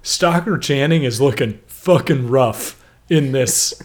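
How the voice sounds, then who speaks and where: A man's voice: medium pitch, takes it slowly. A man co-hosting a podcast, chatting casually about a TV episode with wry, profane asides. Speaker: podcast co-host. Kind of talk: casual recap chat.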